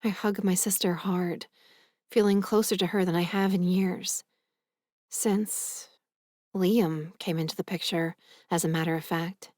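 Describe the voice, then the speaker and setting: A woman narrating a romance audiobook in the first person, earnest and gentle. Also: lowish voice, steady tone, measured pace, dry recording, clean studio sound.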